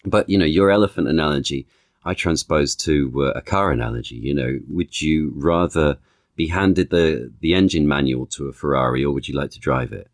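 An actor and author talking as a podcast guest, thoughtful, stacking analogies, often restarting with "you know". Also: male voice, very deep voice, moderate pace, no room sound, clean studio sound. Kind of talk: conversational interview.

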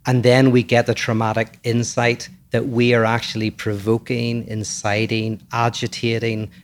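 A man's voice: mid-range voice, completely flat delivery, normal speed. A man hosting a casual philosophical discussion, explaining ideas patiently and searching for the right words. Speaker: podcast co-host.

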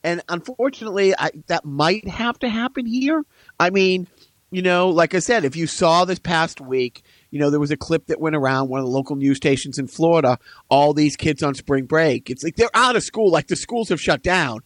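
A man co-hosting a podcast, talking in a rambling, animated way with asides. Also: fairly high pitch, normal speed, dry recording. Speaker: podcast co-host. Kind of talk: casual podcast chat.

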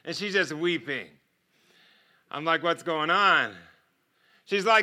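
A middle-aged man telling stories as a guest speaker in a sermon, animated and often laughing between lines. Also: fairly high pitch, unhurried, clean tone. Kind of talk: sermon storytelling.

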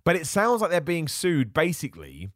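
A man hosting a solo podcast in a chatty, opinionated way, full of asides and quick self-corrections. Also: on the high side, wildly swooping pitch, no room sound, studio quality. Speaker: podcast host. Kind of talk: casual solo wrestling podcast.

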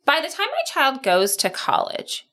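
Animated woman podcast co-host. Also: sits high, normal speed. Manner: frank, explanatory, wry. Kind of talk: casual chat.

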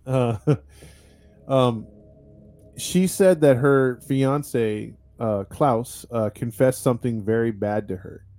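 A man's voice: mid-range voice, slow, dark tone. A man, a podcast host, telling a true-crime story in a casual, chatty way, with lots of fillers and restarts. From United States.

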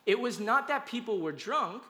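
Preaching in a high-pitched, animated, pushed and bright voice at normal speed, a man keeps his sermon conversational, repeatedly checks in with the audience, and emphatically repeats lists to make his points.

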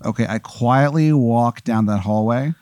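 A man's voice: medium pitch, unhurried, darkish tone, dry recording, studio quality. A man playing along in a comedic improvised scenario, reacting expressively with dismay and surprise. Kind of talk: casual comedic chat.

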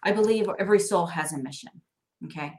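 A woman's voice: fairly low pitch, quick pace. A middle-aged woman, a financial planner and guest on a talk show, speaking expressively, laughing often and acting out quoted dialogue. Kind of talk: animated conversational interview.

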